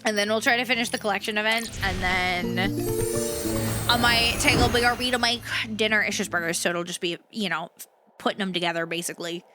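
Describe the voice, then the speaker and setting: A woman streamer chatting casually while playing a game, relaxed and rambling. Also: medium pitch, a little fast, loud music behind the voice. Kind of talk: casual chat while gaming.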